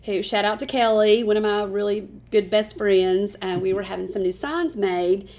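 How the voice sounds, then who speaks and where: Fast-talking East Tennessee woman. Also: medium pitch, a little mellow. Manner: fast-talking, chatty, laughs often. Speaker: realtor and co-host. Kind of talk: casual chat.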